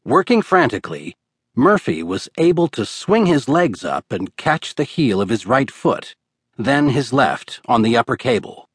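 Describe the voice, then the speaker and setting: A man narrating an audiobook in a measured, steady storytelling manner. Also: medium pitch, breathy edge, no room sound, clean studio sound. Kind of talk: scripted narration.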